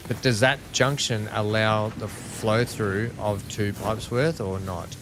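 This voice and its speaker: A man's voice: on the low side, fairly even intonation, slow pace, background noise. Chatty Australian man gaming with friends. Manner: chatty, asks lots of questions, laughs easily. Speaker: streamer host. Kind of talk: casual multiplayer gaming chat.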